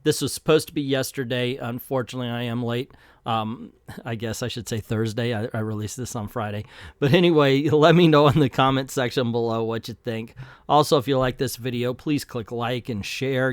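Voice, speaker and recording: A man hosting a channel, giving a sarcastic, animated commentary review of a comic book. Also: medium pitch, a little fast, no echo, studio quality.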